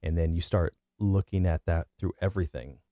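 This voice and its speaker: A man in his thirties with a deep bass voice, giving his opinions in a casual, rambling monologue full of fillers and restarts. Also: fairly quick, dark tone, no room sound. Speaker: vlogger.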